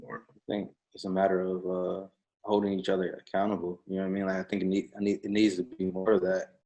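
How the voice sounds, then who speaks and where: A man's voice: low voice, monotone, fast talker, mellow. A man in a casual podcast discussion, speaking emphatically and often checking in with "you know what I mean". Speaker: podcast co-host.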